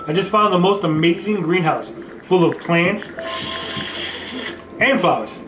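A joking, rambling man hosts a gameplay session and reads the on-screen text aloud in a fairly high voice. He sits away from the mic in a roomy space, with game music playing clearly behind him. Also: expressive, measured pace, long pauses, recorded from a distance. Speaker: let's play host. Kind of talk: casual gameplay commentary.

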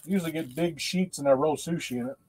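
Guy rambling on his stream, kinda high voice, laughs at his own jokes a lot. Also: fast talker, darkish tone, slight background noise. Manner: rambling, laughs often, folksy self-mocking. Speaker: host. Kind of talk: casual livestream chat.

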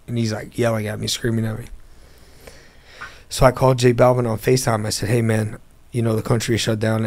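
Man, gravelly voice, fairly flat pitch; a guest telling stories in a laid-back interview. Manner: animated storyteller acting out phone calls. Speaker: interview guest, car dealer. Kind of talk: storytelling in a casual interview.

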